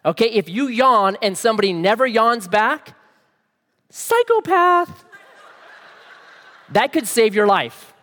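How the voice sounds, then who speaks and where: A man's voice: high voice, moderate pace, hardly any pauses, sharp tone, in a large hall. A man preaching a sermon in a conversational way, often asking his listeners questions. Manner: conversational, asks the audience questions. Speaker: pastor.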